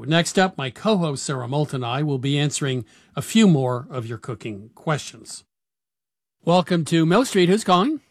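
Pria pembawa acara radio yang santai dan akrab. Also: male voice, on the high side, lively intonation, normal speed, dry recording, studio quality. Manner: chatty, laughs easily. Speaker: radio show host. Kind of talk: radio interview and call-in.

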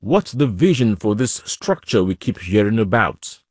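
A male reporter giving scripted news narration in a calm, clear storytelling manner. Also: fairly low pitch, moderate pace, no room sound, clean studio sound.

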